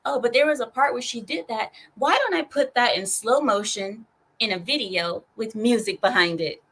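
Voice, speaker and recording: A woman's voice: fairly high pitch, normal speed, a bit bright. Mocking impression: a woman doing a smug, scheming male troll in a sing-song voice.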